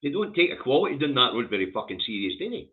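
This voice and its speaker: A Scottish man tears through the day's headlines in a loud, scornful, swear-filled rant. His voice sits at an ordinary male pitch. The audio is thin and tinny, like a phone line. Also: fast. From Scotland. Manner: sweary, scornful, animated ranting. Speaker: host of a news review stream. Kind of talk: ranting newspaper review.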